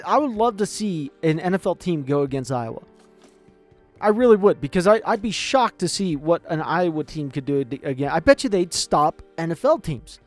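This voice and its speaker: Male sports commentator, animated and rambling, slightly high voice, light music bed. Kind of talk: casual opinionated chat.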